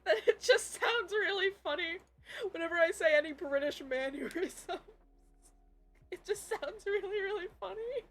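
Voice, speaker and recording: A young woman streaming a game from home, chatting casually and swearing often, with loud outbursts. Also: very high-pitched, lively intonation, moderate pace, faint music behind. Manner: swears a lot, loud outbursts while playing. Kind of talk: casual gaming stream chat. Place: home room with a computer.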